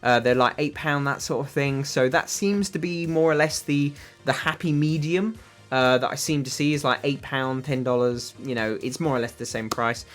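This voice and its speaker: A man's voice: mid-range voice, normal speed, soft background music. A British man hosting a casual livestream, answering viewers' chat in a rambling way with lots of ums and uhs. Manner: rambling, filler-heavy, answers chat questions. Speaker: livestream host reading chat.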